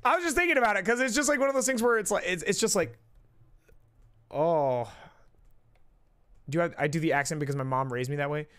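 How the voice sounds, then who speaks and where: A man chatting on a live stream with a high, bright voice. He rambles, swears freely and keeps breaking off mid-sentence to start over. The sound is close and direct, as from a desk mic. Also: very fast, hardly any pauses, clean tone. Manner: rambling, profane, self-interrupting. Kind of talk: casual chat on a live stream.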